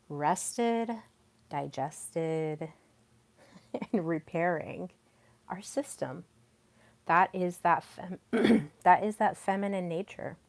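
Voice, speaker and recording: Female podcast host, young adult, low unhurried delivery, soft and deliberate. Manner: slow, soft and deliberate, with many pauses. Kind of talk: solo podcast talk on communication.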